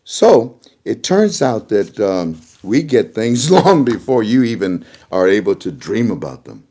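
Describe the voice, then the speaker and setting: Man, rambling emotional vlogger, warm and dark tone. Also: on the low side, very animated, unhurried. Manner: rambling and emotional, breaks into laughter. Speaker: video blogger. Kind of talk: casual rambling monologue to camera.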